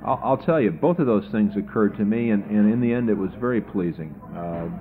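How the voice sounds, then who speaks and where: Man, tired political candidate, chatty storyteller, low voice, tinny archival radio sound. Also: fairly quick. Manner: chatty storyteller, repeats words when starting sentences. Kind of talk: radio interview answers.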